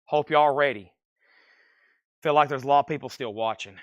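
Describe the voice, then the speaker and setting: A man hosting a live record sale who rattles off bids and prices in quick auctioneer fashion while moving around the shop. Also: mid-range voice, dry recording. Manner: rapid auctioneer-style bid calling. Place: record store.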